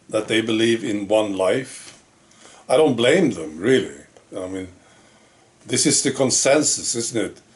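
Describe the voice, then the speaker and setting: A man's voice: mid-range voice, a little mellow. A man hosting his own channel, talking through his thoughts in a musing monologue full of rhetorical questions. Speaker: channel host. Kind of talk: reflective monologue to camera.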